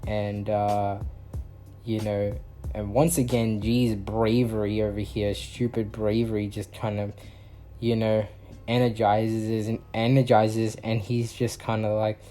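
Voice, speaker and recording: A man's voice: lowish voice, flat delivery, measured pace, warm tone, soft background music. A young man vlogger telling a story in a rambling way, full of fillers. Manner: rambling, filler-heavy casual talk. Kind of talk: storytime vlog.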